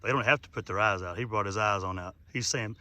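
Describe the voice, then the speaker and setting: A man's voice: lowish voice, quick pace, sharp tone, no room sound. A middle-aged man hosting a casual nature vlog outdoors by a pond, talking in a folksy, rambling way. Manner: folksy, chatty, rambling with fillers. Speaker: channel host.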